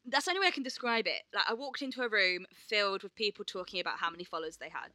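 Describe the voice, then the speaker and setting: A woman's voice: medium pitch, rapid-fire, bright, forceful tone, no room sound, studio quality. A woman co-hosting a casual chat, telling stories with swearing and acted quotes. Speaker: podcast co-host and performer.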